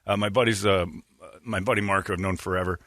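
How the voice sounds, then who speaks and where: A man's voice: deep voice, fairly even intonation, fast talker, bright, forceful tone, no room sound, studio quality. A man hosting a radio show, telling a rambling, joking anecdote in a blunt, casual way. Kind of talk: casual talk-radio storytelling.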